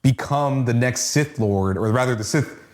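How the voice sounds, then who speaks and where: A man's voice: mid-range voice, moderate pace. A man co-hosting a casual comic book review chat, joking and laughing often. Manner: jokey, laughs often, lively intonation. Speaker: comic book podcast co-host.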